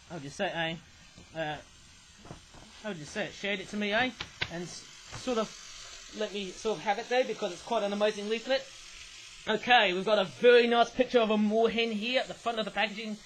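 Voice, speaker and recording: A man's voice: high-pitched, fairly bright tone, a little hiss or hum, low-quality recording. A young man, rambling through a casual toy review and tagging his sentences with a questioning "eh?". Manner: rambling, ends phrases with a questioning "eh?".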